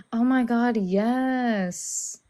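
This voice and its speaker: Young woman, subtle Southern accent, very fast chatty talk, bubbly, casual livestream. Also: fairly high pitch, darkish tone, a little hiss or hum. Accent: light Southern, mostly Californian-sounding. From Alabama. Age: young adult. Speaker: paralegal guest.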